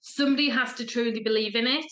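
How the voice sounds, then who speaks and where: Bright, chatty woman in her thirties. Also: a little high, fairly even intonation, fast talker. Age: 30s. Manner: chatty storyteller, acts out quoted voices. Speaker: guest, feng shui coach. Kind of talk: casual podcast chat. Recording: echoey room.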